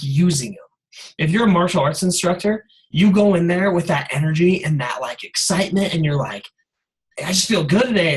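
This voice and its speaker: Man with a high voice, high-energy motivational speaker, casual filler-heavy delivery. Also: rough recording. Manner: energetic, casual, many "like" and "you guys" fillers. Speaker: guest speaker on a sales call. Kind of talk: motivational call talk.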